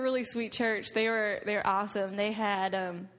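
A woman's voice: medium pitch, fairly even intonation, normal speed, hardly any pauses, fairly bright tone. A young woman giving a slideshow talk to a group about a mission trip, telling stories and laughing often. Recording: long reverb of a hall.

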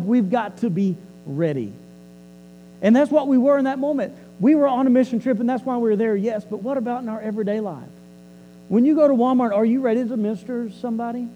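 Male preacher, high and dark-toned, conversational storytelling sermon. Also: big-room sound, muffled recording, slight background noise. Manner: conversational, repeats and restarts words.

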